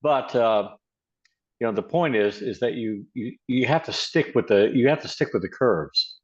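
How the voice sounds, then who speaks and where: An American man in casual chat, talking haltingly with many repeated words. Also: mid-range voice, expressive, highs cut off. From United States.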